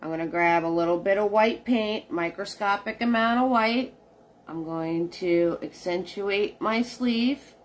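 A woman's voice: mid-range voice, unhurried. A woman leading a live painting tutorial, chatting with her viewers as she works. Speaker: painting instructor.

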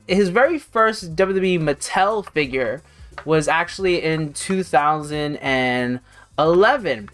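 A woman hosting a hobby channel, talking through an unboxing in a casual, rambling way with lots of fillers. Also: low-pitched. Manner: rambling, chatty, many fillers.

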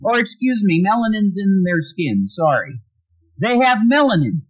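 A man's voice: high voice, big pitch swings, normal speed, slightly rough, faint music behind, rough recording. A man hosting a livestream, ranting angrily with constant swearing. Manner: angry profane ranting, swings loud and quiet. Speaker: livestream host.

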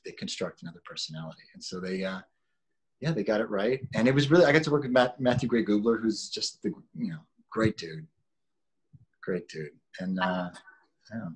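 Husky low-voiced man chatting. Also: quick pace. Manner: relaxed, rambling with restarts and laughs. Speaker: actor guest. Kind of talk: casual interview chat.

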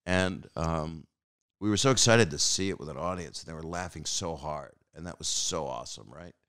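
A man's voice: a bass voice, moderate pace, fairly bright tone, clear, resonant tone. A man in his sixties hosting a podcast, rambling through casual stories with fillers and restarts, acting out other people's lines. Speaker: podcast host. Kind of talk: casual storytelling.

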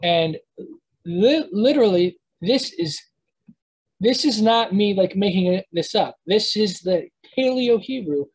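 A language teacher runs a live online lesson while sharing the screen, explaining step by step in a halting way, often restarting and checking quickly with the class. The voice is medium-pitched and animated, with a darkish tone and a breathy edge.

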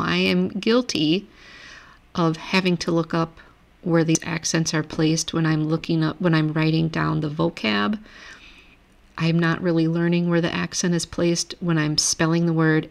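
A language teacher with a deep, gravelly voice gives a recorded grammar lecture over a shared screen. She patiently reads word lists aloud and explains each rule step by step.

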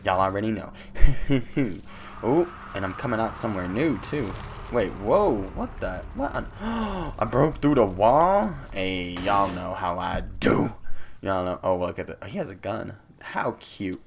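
Male let's-play commentator, gravelly and lively, goofy, taunting, bursts into yells. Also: on the low side, unhurried, crowd noise. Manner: goofy, taunting, with sudden loud outbursts. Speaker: gameplay commentator.

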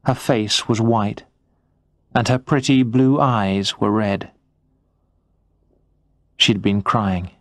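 Brief: male narrator, slow deliberate storybook reading, dry close sound. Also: fairly low pitch, steady tone, dry recording. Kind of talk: scripted story narration for English learners.

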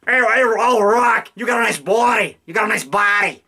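A man's voice: sits high, moderate pace, sharp tone, heavily acted. A man imitating adoring, drunk male fans making late-night prank calls in a sing-song, fawning voice. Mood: teasing chant.

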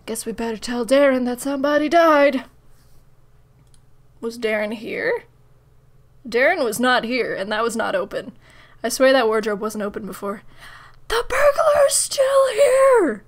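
A woman's voice: fairly high pitch, normal speed, long pauses. A woman casually commenting while playing a point-and-click game, giggling and swearing freely. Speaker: gamer. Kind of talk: let's play commentary.

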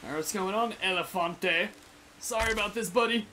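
A young man narrating his own game session, chatting aloud to the creatures he hunts and breaking into startled yells and curses. His voice sits high and sounds bright. A faint hiss lies under the recording. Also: normal speed. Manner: excitable, swearing, yelps and shouts at sudden danger; chatty rambling to animals in the game. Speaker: gaming channel host. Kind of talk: Let's Play commentary.

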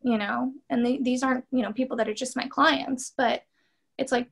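An earnest woman in her thirties recounts her path as an interview guest, her voice sitting a little higher than most. She talks in a candid, animated flow, full of "like" and "you know". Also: moderate pace, creaky, husky. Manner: earnest and animated, many fillers. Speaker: interview guest, PhD student and therapist.

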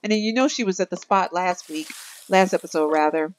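A woman's voice: lowish voice, a little fast, slight background noise. A woman hosting a gaming video, giving chatty commentary and talking straight to her viewers. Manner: chatty, animated, addresses viewers as y'all. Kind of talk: casual let's-play commentary.

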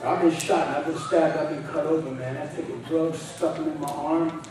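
A man preaching a revival sermon in street slang, often shouting his points. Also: a little high, steady tone, normal speed. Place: church sanctuary. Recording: echoey hall, distant mic.

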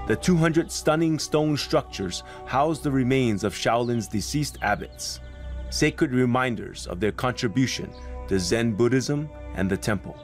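A man hosting a documentary, narrating his training and speaking candidly in interviews with an earnest, self-deprecating manner. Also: mid-range voice. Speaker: documentary host training at a temple.

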